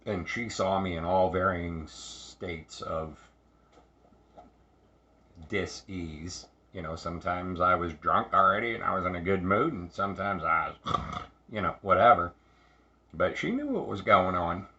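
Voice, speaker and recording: A man tells a personal story, halting and repeating himself as he reflects. His voice is low and gravelly with a bright edge. The recording sounds dull and lo-fi. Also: lively intonation. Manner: halting, repetitive, reflective with many restarts. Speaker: speaker sharing recovery story.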